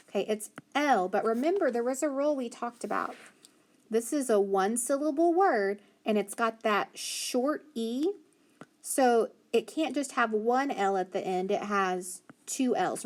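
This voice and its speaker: Woman teacher doing phonics w kids, sounds out letters slow, lots of very good. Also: mid-range voice. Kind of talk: phonics lesson for children.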